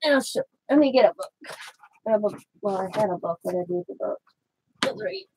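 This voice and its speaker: A woman's voice: medium pitch, sing-song, fairly quick, background noise. Chatty woman hosting a crafting livestream. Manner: chatty, answers viewers by name, restarts sentences. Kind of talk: casual live-stream chat. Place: at home.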